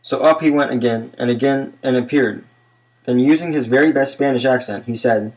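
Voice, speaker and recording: A man reading a children's picture book aloud in a measured, unhurried way. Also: mid-range voice, a little mellow, low-quality recording. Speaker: narrator.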